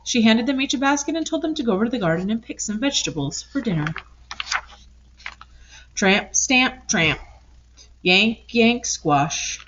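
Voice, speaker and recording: A woman reading a children's picture book aloud in an expressive, lively way. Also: a little high, normal speed, long pauses, a little hiss or hum. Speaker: storybook reader. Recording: dull lo-fi recording.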